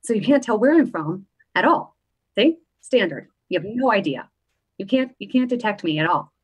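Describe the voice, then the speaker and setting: A woman's voice: medium pitch, very animated, moderate pace, husky, poor audio. Woman, live-stream host, casual chat, upbeat, talks to viewers, standard accent, desk mic. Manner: chatty and upbeat, talking straight to viewers. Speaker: host of a live political show.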